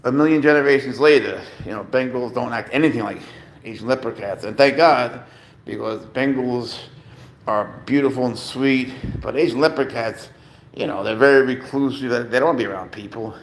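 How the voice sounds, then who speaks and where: A man talks to his viewers from home in a loose, rambling way, swearing freely and breaking off into sudden loud exclamations. His voice is gravelly and sits at a middle pitch, with a faint hum of room ambience behind him. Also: normal speed. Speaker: cat owner and vlogger. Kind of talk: casual rambling chat to viewers.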